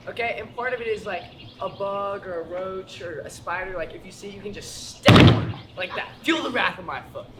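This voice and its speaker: A young American man doing a stand-up comedy set, telling stories with animated, panicky acted-out moments. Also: sits high, noisy background. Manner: animated storytelling, acts out panic. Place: school auditorium with live audience.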